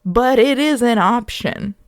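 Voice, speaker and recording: A young woman hosting a podcast, telling a candid personal story in a reflective, animated way. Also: a little high, measured pace, no echo, clean studio sound. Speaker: podcast host.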